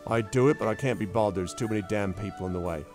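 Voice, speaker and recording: A man's voice: fairly low pitch, fast talker, a little mellow, faint music behind, close to an everyday voice. A man voicing a busy, impatient tavern barkeep who talks brusquely.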